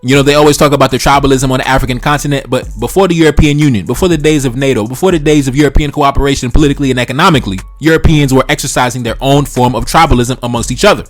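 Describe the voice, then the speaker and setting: A man's voice: mid-range voice, racing, few pauses, faint music behind. A man giving an opinionated history commentary in colloquial speech, with emphatic delivery and sarcastic rhetorical questions.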